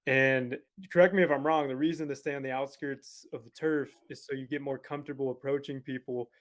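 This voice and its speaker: A young man who is a podcast guest, telling a story in a casual, animated, profane way. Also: medium pitch, a little fast.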